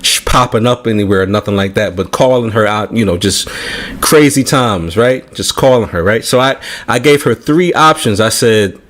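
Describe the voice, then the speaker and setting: A man telling a personal story in casual chat, animated and profane, often checking in with "right?". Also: fairly low pitch, normal speed. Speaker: podcast panelist.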